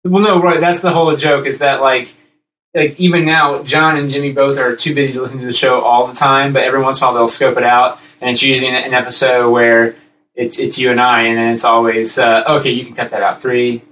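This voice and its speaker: Man, casual podcast chat, rambling, animated impressions, a little distant from the mic. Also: brisk, reverberant, slight background noise. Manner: rambling, animated, jumps into high-pitched impressions. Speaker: podcast co-host.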